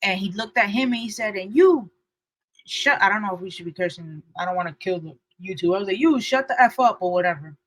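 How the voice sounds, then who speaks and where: A young woman co-hosting a podcast, telling a story in animated casual chat and acting out the people she quotes. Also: fairly quick, no room sound, poor audio. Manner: lively, acts out quotes with shifting pitch and loudness. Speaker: podcast co-host.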